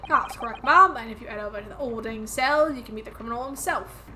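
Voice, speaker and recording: A woman's voice: on the high side, fast, pushed and bright, slight background noise. A woman voicing a gossipy, cheeky young British man in a video game, her accent slipping into a Southern drawl. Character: chatty British street lad, gossipy and cheeky.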